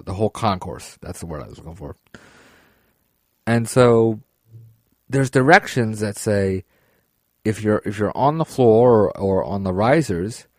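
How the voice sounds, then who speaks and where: A man hosting a podcast, telling a long story in a rambling, excitable way with frequent swearing. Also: fairly low pitch, no echo, studio quality. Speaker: podcast host. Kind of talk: casual storytelling.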